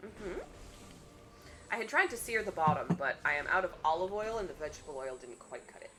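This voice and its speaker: A woman's voice: fairly low pitch, sing-song, fairly quick, a crowd in the background. A woman chatting casually on a charity game stream, retelling a tabletop game story with lots of fillers and laughter. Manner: chatty, many fillers, laughs while telling stories.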